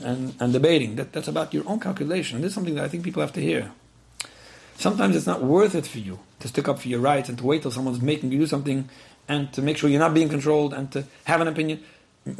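His voice is a little high and creaky. In this advice talk he responds earnestly to a letter from a listener, often repeating words and performing imagined quotes.

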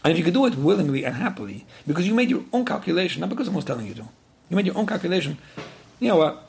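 A man's voice: sits high, very animated, rapid-fire, creaky, slight background noise. A man giving earnest advice in answer to a listener's letter, often repeating words and acting out what people might say. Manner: earnest, repeats words, acts out quoted speech. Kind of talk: advice talk.

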